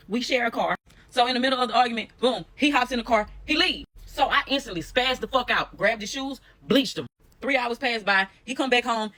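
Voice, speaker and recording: A woman telling a personal story in a blunt, profane, animated way, addressing her viewers directly. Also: fairly high pitch. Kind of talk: casual storytime monologue.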